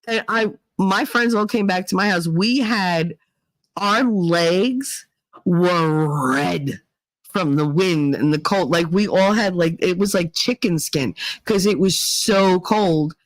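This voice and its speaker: A woman from Northeast Pennsylvania hosting a livestream, chatting casually with her viewers and telling stories full of fillers and quick voice mimicry. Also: fairly low pitch, no echo, low-quality recording. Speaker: livestream host reading chat. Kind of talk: casual chat.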